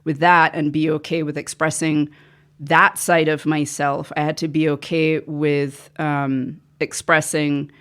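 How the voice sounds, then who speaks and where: A woman's voice: deep voice, flat delivery, a little slow, hardly any pauses, fairly bright tone. A woman being interviewed on a podcast, an actor who rambles and drifts off track in casual chat. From the islands, came to America at seven.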